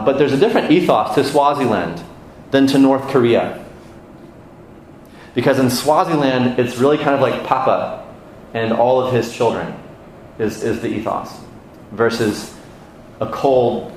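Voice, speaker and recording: An American man preaches to his congregation in a church, teaching conversationally and putting questions to the room. His voice sits at an ordinary pitch and rings out with heavy echo. A faint background noise runs underneath. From United States. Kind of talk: sermon.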